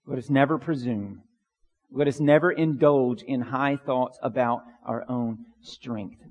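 Earnest preaching man, higher voice. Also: big-room sound. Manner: earnest preaching, repeats phrases for emphasis. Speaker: pastor. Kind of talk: sermon.

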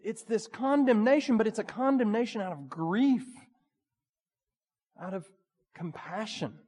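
A male pastor preaching a sermon, swinging between urgent pleading and hushed, quiet passages. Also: high voice, unhurried, pauses often, husky. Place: church sanctuary. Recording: long hall reverb.

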